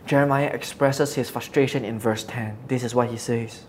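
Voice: mid-range voice, fairly even intonation, normal speed, few pauses, slight background noise. A preacher giving an earnest, reflective Bible teaching, asking rhetorical questions as the talk goes on.

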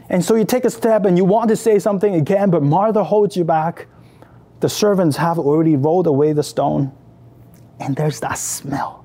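Male meditation guide, mellow and slightly high, emotive second-person narration. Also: normal speed. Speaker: prayer leader.

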